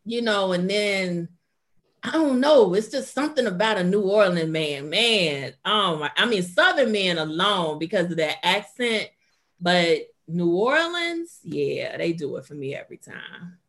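A woman's voice: fairly low pitch, lively intonation, a little slow, fairly bright tone. Laid-back woman telling a story. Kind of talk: casual chat.

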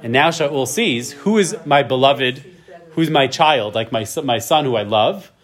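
In a mid-range voice with lively intonation, a man in his thirties speaks a little slowly as he teaches an easygoing Torah class. He reads each verse in Hebrew, gives a translation, and chattily keeps adding "right?".

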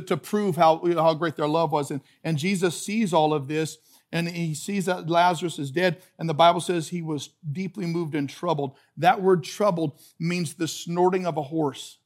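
A man's voice: fairly high pitch, fairly even intonation, normal speed. A man preaching a sermon as pastor, earnest and emphatic, often repeating his phrases for stress. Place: church sanctuary.

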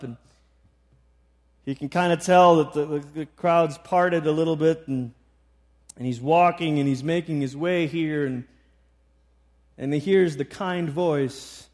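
Preacher guy, fairly high voice, telling a bible story in a sermon, lots of restarts. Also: darkish tone.

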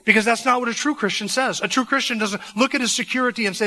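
A man's voice: very high-pitched, quick pace, hardly any pauses, pushed and bright, big-room sound, low-quality recording. A man preaching a sermon from the pulpit, fervent, with rising emphatic phrases. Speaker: pastor. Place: church sanctuary.

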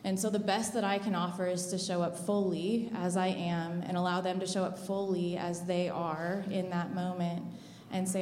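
A woman with a low, mellow voice speaks in an earnest, reflective way, pausing often with fillers. She sounds like she's in a church interview, heard in a roomy hall with long reverb. A faint room ambience sits under her voice. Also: flat delivery, slight background noise. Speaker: labor support worker at births. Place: church auditorium.

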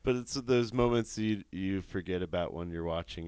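A laid-back male podcast co-host in casual chat with a fairly low, smooth voice. He is easygoing and quick to laugh. The sound is dry and close. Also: darkish tone, dry recording.

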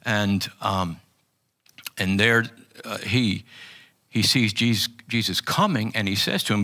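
An older man preaching an earnest personal testimony sermon, halting often with restarts. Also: fairly low pitch, pushed and bright. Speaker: pastor.

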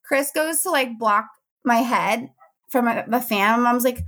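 A woman's voice: a little high, measured pace. Chatty young woman telling a funny story. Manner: animated, laughing often, acting out quotes. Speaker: podcast host telling her birth story. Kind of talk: casual storytelling chat. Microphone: podcast mic.

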